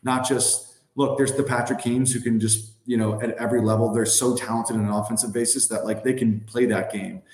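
A man in his thirties, speaking at an ordinary middle pitch, tells casual stories as a podcast guest. His delivery rambles and is full of fillers. The recording has a roomy, echoey sound. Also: steady tone, fairly quick, hardly any pauses, darkish tone. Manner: rambling, heavy on fillers like "like" and "you know". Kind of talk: casual storytelling.

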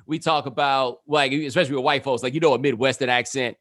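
A man's voice: mid-range voice, steady tone, quick pace, fairly bright tone, dry recording. A man talking casually as a podcast guest, telling stories and laughing often. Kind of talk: casual chat.

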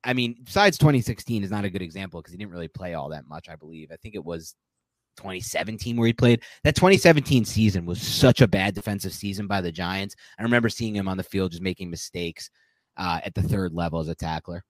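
Rambling, low-voiced man on a podcast. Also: fast talker, no room sound. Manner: rambling, animated, self-correcting. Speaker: podcast co-host. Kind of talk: casual sports podcast talk.

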